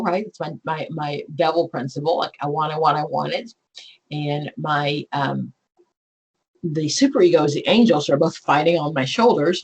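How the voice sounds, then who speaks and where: A woman, teaching an exam prep class in a chatty, animated way. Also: deep voice, slight background noise, low-quality recording. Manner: chatty and animated, acts out client scenarios. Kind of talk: live online class lecture.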